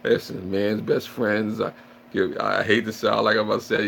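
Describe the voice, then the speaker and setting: Deep gravelly guy rambling on a stream, faint hiss behind him. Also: little pitch movement, moderate pace, a bit bright. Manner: rambling, joking, acts out scared shrieks and prayers. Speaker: livestream host. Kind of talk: casual livestream chat with viewers.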